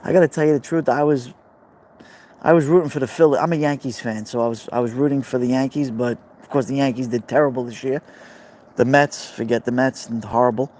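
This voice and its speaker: Brooklyn dude chatting on his phone stream by a fire pit, rambly, mid-pitched voice, shouting out viewers. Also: fairly even intonation, a little fast. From New York. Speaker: live streamer. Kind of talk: casual live-stream chat.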